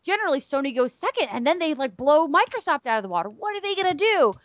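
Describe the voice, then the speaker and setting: A young adult woman co-hosting a casual gaming chat show, animated and given to loud exclamations. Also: high voice, fast talker, no room sound, studio quality. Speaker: podcast co-host.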